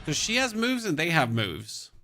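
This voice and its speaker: A man's voice: on the high side, expressive, normal speed, music in the background. A man streaming a video game, commenting casually with sarcasm and swearing. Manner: sarcastic, swears, talks to himself.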